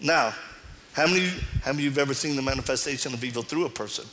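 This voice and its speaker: A man's voice: medium pitch, rapid-fire, a little hiss or hum. A middle-aged man preaching a sermon to a live audience, telling stories and acting out the dialogue with animation. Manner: animated storytelling, acts out dialogue. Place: large hall before an audience. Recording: reverberant hall.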